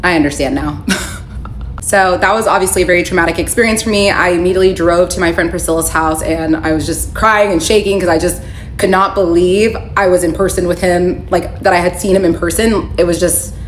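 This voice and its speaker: A woman telling her own story to camera in a casual, candid and animated way, reading out texts as she goes. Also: on the low side, fairly quick, a little hiss or hum. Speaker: storyteller recounting her divorce. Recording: echoey room, faint ambience.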